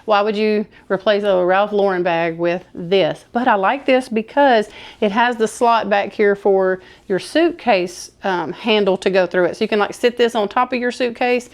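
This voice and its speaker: A thrift vlogger chats enthusiastically to camera while showing off her haul, saying "y'all" as she goes. Her voice is medium-pitched, her pace moderate, and she barely pauses.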